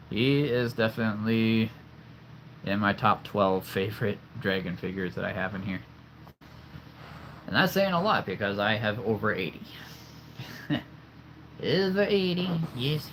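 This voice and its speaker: A man's voice: fairly low pitch, expressive, moderate pace, creaky, long pauses, fairly bright tone, a little hiss or hum. A young man from the central United States hosting a casual livestream, chatty and enthusiastic, laughing easily. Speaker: livestream host.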